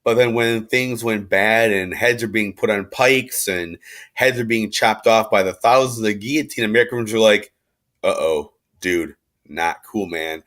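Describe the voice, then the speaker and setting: A man's voice: lowish voice, steady tone, moderate pace, fairly bright tone. A man teaching a history lesson in a casual, chatty, slangy way, with fillers and loose restarts. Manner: chatty and slangy, acts out quotes in everyday speech. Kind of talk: casual recorded class lecture.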